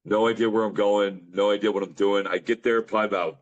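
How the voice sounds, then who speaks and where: A middle-aged man from Pennsylvania, a podcast guest telling a rambling story, with a deep voice and casual slang. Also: fairly even intonation, highs cut off. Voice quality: deep voice often remarked on. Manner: rambling, fast, says bro and dude.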